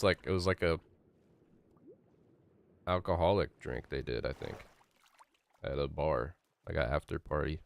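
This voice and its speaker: A man's voice: low voice, vocal fry. A young man live-streaming a game, chatting loosely with his chat, rambling and swearing casually. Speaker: gaming streamer.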